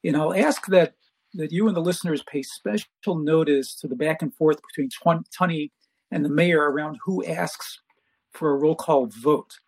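Husky, slightly high male co-host; probing, conversational. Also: moderate pace, rough recording. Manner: probing, sets up clips. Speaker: radio co-host. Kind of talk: political talk.

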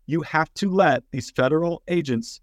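A man from North Texas joins a podcast as a guest, his voice sitting a little high for a man. He talks in a measured, conversational way with a few hesitations. The recording is close and dry. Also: no echo. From North Texas, USA. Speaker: podcast guest, concerned parent. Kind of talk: casual political chat.

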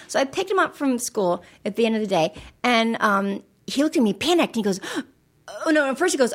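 Animated woman telling stories, higher voice. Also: fast talker. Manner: animated, acts out voices in anecdotes. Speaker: podcast guest, actress and math author. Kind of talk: casual storytelling chat.

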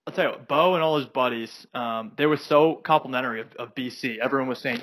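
A man's voice: mid-range voice, fast talker, fairly bright tone, no room sound. A young man co-hosting a podcast, telling a rambling anecdote full of fillers in casual chat. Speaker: podcast co-host.

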